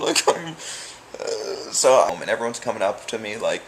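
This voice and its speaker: A man's voice: lowish voice, very animated, moderate pace, creaky, background noise. A young man vlogging about his college life in a casual, rambling way, full of "like" and "um". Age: young adult. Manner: rambling, loose, peppered with "like" and "um". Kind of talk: casual vlog chat.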